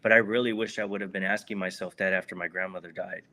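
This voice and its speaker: Bright-voiced earnest man. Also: sits low, fairly even intonation, fast talker. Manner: earnest, heartfelt, repeats words for emphasis. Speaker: guest, former prisoner. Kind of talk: reflective interview answer.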